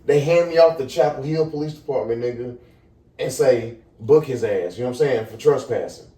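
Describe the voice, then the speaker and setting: A young man casually telling a story on a podcast, animated and profane, acting out the people in it. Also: mid-range voice, fairly quick. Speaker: podcast co-host. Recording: echoey room, far from the mic.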